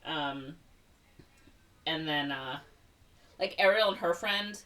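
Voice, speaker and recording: A woman's voice: low-pitched, takes it slowly, far from the mic. A young woman on a podcast casually retelling a movie, rambling with lots of fillers and little put-on voices for the characters. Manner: rambling, filler-heavy recap with animated quoted voices. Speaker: podcast co-host retelling a film. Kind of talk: casual chat.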